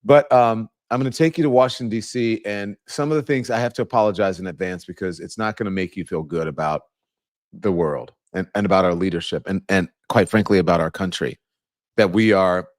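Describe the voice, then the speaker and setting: A man's voice: low voice, fairly quick, no room sound, studio quality. A man hosting a live commentary stream, talking in a rambling, conversational way and growing indignant about the news. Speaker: host. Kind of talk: livestream commentary.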